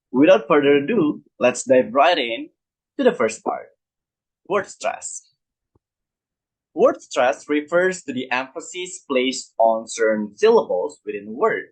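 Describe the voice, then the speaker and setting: A man presenting a lesson on English pronunciation, repeating example words slowly and asking listeners if they follow. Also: fairly high pitch, slightly rough, rough recording. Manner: asks listeners rhetorical check questions. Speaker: student presenter.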